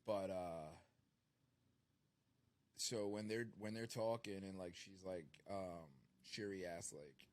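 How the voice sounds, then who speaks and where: Man, podcast co-host, low voice, slow, thoughtful, rambling with ums. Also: fairly even intonation, darkish tone. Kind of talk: casual movie review chat.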